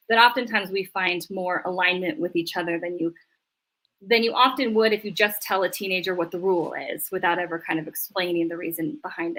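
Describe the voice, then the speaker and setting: A woman's voice: lowish voice, sharp tone. A middle-aged woman, a family therapist, chatting animatedly in an interview and acting out voices when she quotes people. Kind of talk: casual interview chat.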